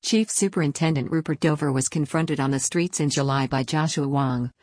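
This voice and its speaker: A woman narrating a scripted news report in an even, formal read-out manner. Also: deep voice, fairly quick, no echo, studio quality.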